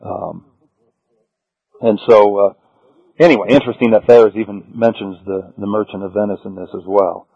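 A man preaching in a measured teaching tone, reading scripture passages aloud and then pressing his points home. The sound is dull and lo-fi, with a dry, close feel and no room around it. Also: lowish voice, steady tone, husky, no room sound. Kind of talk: Bible teaching sermon.

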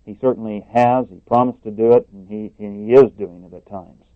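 A man's voice: on the low side, steady tone, brisk, no room sound. Male preacher, emphatic sermon delivery, dull lo-fi sound. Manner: emphatic, repeats words, rises on questions. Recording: muffled dry lo-fi recording.

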